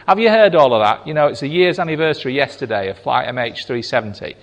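A man preaching a sermon, slow and emphatic, acting out quoted lines with big swings in pitch. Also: expressive. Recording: long hall reverb.

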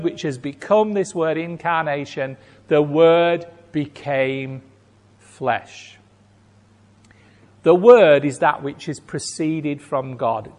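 A man's voice: on the high side, darkish tone. Guy preaching in a church hall, rhetorical and emphatic, voice ringing off the walls. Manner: emphatic, rhetorical, acts out quoted reactions. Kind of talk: sermon. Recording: long hall reverb.

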